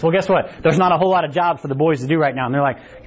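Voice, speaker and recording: A man's voice: a little high, rapid-fire, a little hiss or hum. A middle-aged man preaching a casual, conversational sermon in a church, acting out quotes and often asking "right?". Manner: chatty, acts out quotes, keeps asking "right?". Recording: dull lo-fi recording.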